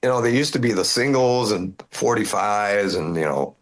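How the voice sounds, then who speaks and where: A man's voice: fairly low pitch, expressive, normal speed. A middle-aged man, a rock singer being interviewed, talking casually with lots of fillers and restarts. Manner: rambling, many fillers and restarts. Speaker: metal band singer, guest.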